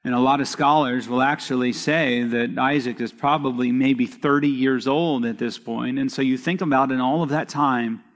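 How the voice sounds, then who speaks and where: A pastor preaching a sermon, reading scripture aloud and retelling the story with expressive storytelling. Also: male voice, mid-range voice, in a large hall.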